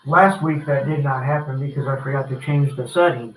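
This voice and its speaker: A man's voice: medium pitch, brisk, fairly bright tone, a little hiss or hum. A man hosting a casual podcast chat, laid-back and swearing freely, often laughing. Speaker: podcast host. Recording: roomy echo.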